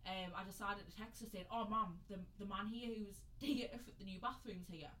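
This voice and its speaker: A woman's voice: mid-range voice, moderate pace, slight background noise, poor audio. A woman co-hosting a podcast, chatting casually and telling a story while acting out the quotes. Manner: chatty, animated, acts out quotes. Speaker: podcast co-host.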